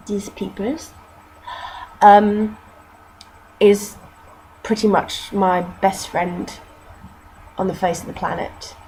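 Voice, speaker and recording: A woman's voice: medium pitch, darkish tone, a little hiss or hum, rough recording. A young woman from Britain with a mixed northern English accent, casually chatting and reading aloud for a vlog, swearing and laughing at her own slips.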